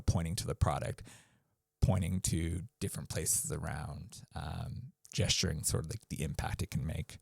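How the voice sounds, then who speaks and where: A man's voice: sits low, creaky, no room sound, clean studio sound. A man hosting his own podcast, talking casually with loose fillers. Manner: relaxed, loose, with offhand fillers. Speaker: podcast host. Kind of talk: casual solo podcast talk. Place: New Zealand.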